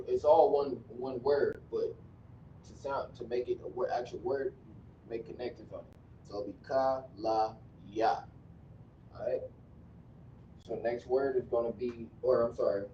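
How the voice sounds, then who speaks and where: A man teaching script and pronunciation in a slow, repetitive lesson, often stopping to correct himself. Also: mid-range voice, dark tone, a little hiss or hum. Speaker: language teacher. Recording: distant, dull, echoey room recording.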